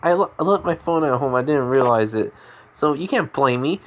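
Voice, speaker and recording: A man voicing a cheerful teenage schoolgirl hero in a high, flustered voice while telling a fan story. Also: very animated, slow pace, husky, exaggerated voice.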